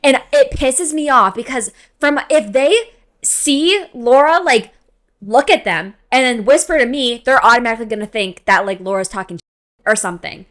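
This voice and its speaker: Young woman, podcast guest, animated rambling chat. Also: on the high side, normal speed. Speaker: podcast guest, host's best friend. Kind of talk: casual chat. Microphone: podcast mic.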